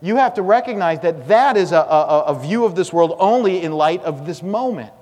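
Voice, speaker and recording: A male pastor with a fairly high voice, preaching in an emphatic, repetitive way and dropping from loud to hushed. His sermon carries a long reverb from the church sanctuary. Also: animated, normal speed. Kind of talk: expository sermon.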